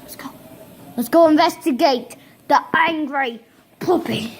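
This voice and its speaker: A woman hosting a playful pet vlog, excitable and giggly, talking into a headset microphone and breaking into shrieks. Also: high-pitched, a little slow, a little hiss or hum. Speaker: channel host.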